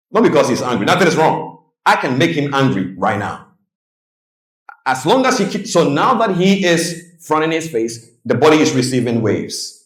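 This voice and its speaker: A man giving a live seminar talk on the psychology of trading, telling stories and putting questions to the audience. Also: medium pitch. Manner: storytelling, engages audience with questions. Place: hall before a live audience. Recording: roomy echo.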